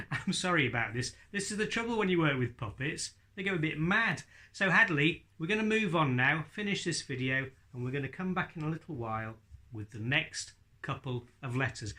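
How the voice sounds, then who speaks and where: A man's voice: on the high side, animated, normal speed, bright, forceful tone. A man teaching ventriloquism, bantering patiently and playfully with his puppet. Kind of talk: comic ventriloquism lesson with a puppet.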